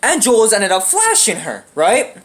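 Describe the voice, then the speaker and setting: Young woman doing a storytime vlog, high voice, swears a lot, says "right?" constantly. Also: huge pitch swings, normal speed. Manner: profane, rambling, lots of fillers like "right?" and "you know"; acts out quoted lines in shifted voices.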